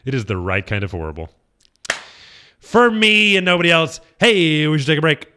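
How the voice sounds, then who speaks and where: A man's voice: fairly high pitch, big pitch swings, moderate pace, bright, forceful tone, smooth. A man hosting a community radio show, chatting casually and joking with fillers in a studio. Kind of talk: casual on-air banter.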